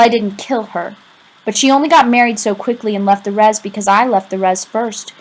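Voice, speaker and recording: A woman's voice: medium pitch, low-quality recording. A woman reading a first-person novel aloud in a conversational, confiding way with casual asides to the listener. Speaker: audiobook reader.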